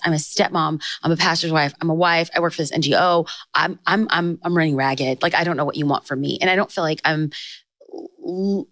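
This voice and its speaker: Lively storytelling woman, lower voice. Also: dry recording. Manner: storytelling, fast bursts with excited rises in quoted lines. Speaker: podcast guest, author and speaker. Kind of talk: casual chat.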